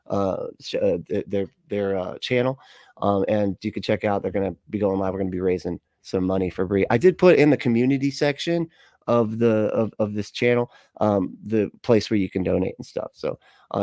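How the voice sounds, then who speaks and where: A man's voice: lowish voice, darkish tone, no echo, studio quality. Sarcastic man hosting a livestream. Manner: sarcastic, laughing, rambling. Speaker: livestream host reacting to a video. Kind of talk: sarcastic casual livestream commentary.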